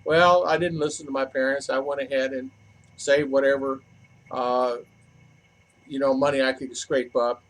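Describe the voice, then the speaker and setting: A middle-aged man telling a personal story as a podcaster, rambling and reflective, with halting restarts, recorded at a home podcast setup. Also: medium pitch, little pitch movement, a bit bright. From United States. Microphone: podcast microphone.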